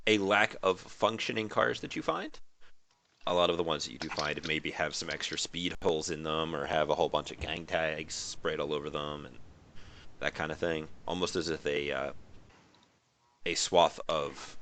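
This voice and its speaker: Very deep-voiced game master. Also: male voice, moderate pace, slight background noise. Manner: relaxed, wry, with lots of fillers. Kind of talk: narrating a tabletop game.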